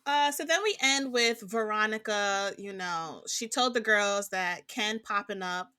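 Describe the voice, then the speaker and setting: A woman's voice: mid-range voice, a little slow, sharp tone, clear, resonant tone, dry recording, studio quality. A woman co-hosting a podcast who recaps scenes with a teasing, chatty manner. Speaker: podcast co-host. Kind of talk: casual chat.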